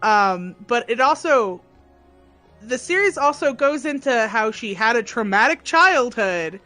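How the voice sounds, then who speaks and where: Halting, bright-voiced podcast co-host. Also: mid-range voice, sing-song, soft background music. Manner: rambling, halting, many fillers. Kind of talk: casual chat.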